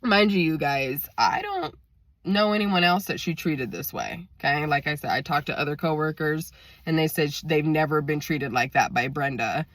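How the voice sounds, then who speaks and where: A woman's voice: low-pitched, lively intonation, normal speed, fairly bright tone, no echo. A woman in her thirties tells a story to her viewers, indignant and emphatic, often speaking straight to them. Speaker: vlogger.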